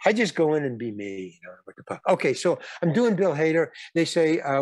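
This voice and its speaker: A man's voice: a little high, sing-song, fairly quick, few pauses, darkish tone, no echo. A man in his eighties, a guest actor and comedian, telling casual anecdotes in a rambling way, with repeated words, restarts and some blunt swearing.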